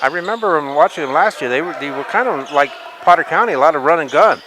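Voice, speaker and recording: A man's voice: a little high, expressive, fast talker, background noise. A man commentating a basketball game on a webcast, describing each pass in a chatty way. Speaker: color commentator. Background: gym ambience, ball bouncing.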